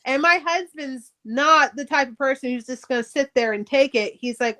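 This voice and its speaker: A middle-aged author, appearing as a podcast guest, recounts her past bluntly and profanely, acting out each exchange with animation. Her voice is slightly high, and she talks at a moderate pace with few pauses in this casual storytelling interview.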